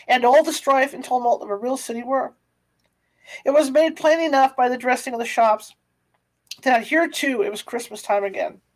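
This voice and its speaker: A woman's voice: high-pitched, rough recording. A woman narrating a classic novel aloud, sometimes stumbling and restarting words. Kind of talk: audiobook reading of a classic novel.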